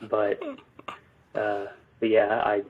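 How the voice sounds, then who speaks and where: A man, an electrical business owner, answering interview questions in a halting way full of ums and restarts. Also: on the low side, monotone, a little hiss or hum. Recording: phone-like narrow line.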